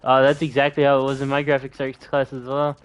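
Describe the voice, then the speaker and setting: A young male streamer chats while he plays, easygoing and loose. He swears casually and keeps a relaxed, unhurried flow. His pitch sits in the middle of the range. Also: clean tone. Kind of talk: casual gameplay chat.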